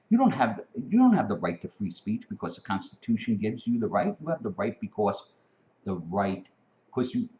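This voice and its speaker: A man in a heated, profane rant, his voice swinging widely in pitch as it climbs toward a near-shout. The recording is dull and lo-fi. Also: sing-song, normal speed. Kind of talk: impassioned spoken rant.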